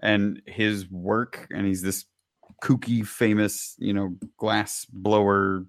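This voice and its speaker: A man from Kansas co-hosting a podcast, chatting casually in a jokey, rambling way and quick to laugh. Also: fairly low pitch, level tone, creaky, dry recording, clean studio sound. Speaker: podcast co-host. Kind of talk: casual chat.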